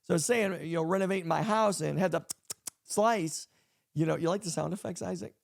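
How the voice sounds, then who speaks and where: High, gravelly-voiced pastor talking leadership. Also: male voice, normal speed. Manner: emphatic, repeats key lines for effect. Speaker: pastor and podcast host. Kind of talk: casual leadership talk on a podcast.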